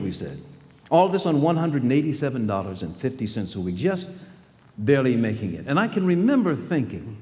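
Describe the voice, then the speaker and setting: A man's voice: mid-range voice, very animated, fairly quick, mellow. A man in his sixties giving a storytelling speech to students in a large school hall, acting out the voices of people in his stories. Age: 60s. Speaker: guest speaker. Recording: long hall reverb.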